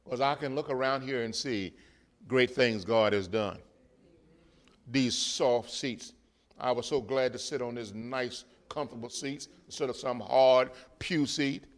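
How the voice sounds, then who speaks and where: A man in a church preaching a sermon, animated, rising to shouts and chuckling between points. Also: mid-range voice, measured pace. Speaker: guest preacher.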